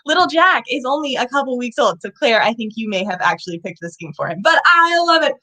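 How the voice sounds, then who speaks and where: A woman's voice: a little high, quick pace, sharp tone, low-quality recording. A young woman hosting a children's animal show, talking playfully in a sing-song way with sound effects and questions to the kids. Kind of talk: educational talk for young children.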